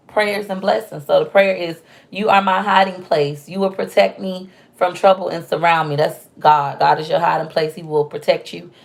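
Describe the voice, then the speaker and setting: A woman vlogger with a gravelly, lowish voice opens fan mail in a casual chat, playful and talking to viewers while unboxing. She's recorded on a phone propped on a stand.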